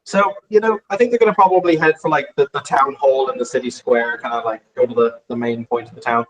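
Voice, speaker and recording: A man's voice: medium pitch, steady tone, fast, a bit bright, recorded from a distance, dull audio. A man playing a tabletop game, talking casually with the group. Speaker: player.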